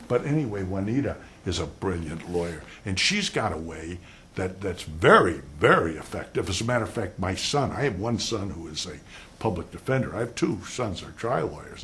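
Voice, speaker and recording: A man's voice: low voice, slight background noise. An older man giving a law lecture, telling stories animatedly and acting out quotes. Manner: animated storytelling, acts out quotes.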